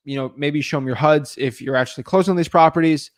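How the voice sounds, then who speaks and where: A young man with a slightly raised voice coaching his viewers in a relaxed livestream. He talks quickly and loosely, full of fillers, and keeps calling his audience guys. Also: fairly high pitch. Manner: fast, casual, filler-heavy, addresses viewers as guys. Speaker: real estate coach. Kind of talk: casual teaching livestream.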